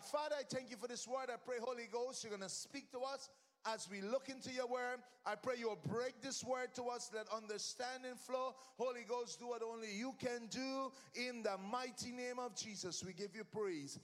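A man preaching a sermon to a church, swinging from shouts down to near-whispers. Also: very high-pitched, moderate pace. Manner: rising to shouts then dropping to near-whispers. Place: church sanctuary. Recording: long reverb of a large hall.

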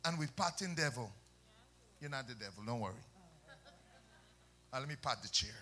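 A male preacher, delivering a fiery sermon, shouting and then dropping to soft asides, with call-and-response questions. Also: medium pitch, lively intonation, normal speed. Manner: swings between loud shouts and soft asides.

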